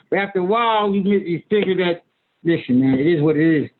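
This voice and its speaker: A man in his sixties speaks as an imam on a video call, his voice pitched high and his speech emphatic, folksy and full of repetition. The audio is thin and phone-like, as if squeezed through a narrow line. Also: quick pace. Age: 60s. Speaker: imam and author, guest. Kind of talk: conversational lecture on a video call.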